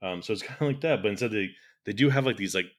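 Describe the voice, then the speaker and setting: A man co-hosting a podcast, talking casually and quickly about a film, laughing and saying "like" often. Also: lowish voice. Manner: quick, giggly, full of "like". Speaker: podcast co-host.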